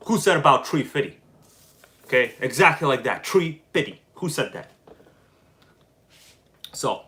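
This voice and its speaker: A man in the middle of his pitch range, hosting a live stream from home. His talk is loose and chatty, and it jumps into fired-up bursts when something annoys him. He reads out viewer comments as he goes. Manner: animated, quick flashes of irritation, chatty. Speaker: livestream host. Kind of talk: casual live chat.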